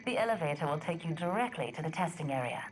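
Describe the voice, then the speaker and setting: Polite robot lady assistant, southern english accent, lowish voice, swoops around a lot, faint hum behind. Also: animated, quick pace, low-quality recording. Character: calm female science operator robot.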